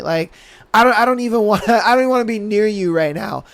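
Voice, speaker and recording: A young man hosting a podcast, telling stories in casual, animated, slangy chat and acting out quoted lines. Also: very high voice, quick pace. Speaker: podcast host.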